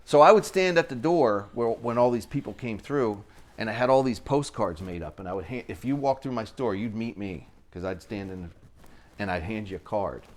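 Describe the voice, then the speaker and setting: Man, middle-aged, low-pitched, earnest storyteller, podcast guest. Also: lively intonation, moderate pace. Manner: earnest, acts out quoted dialogue. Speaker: business owner and podcast guest. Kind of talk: conversational storytelling.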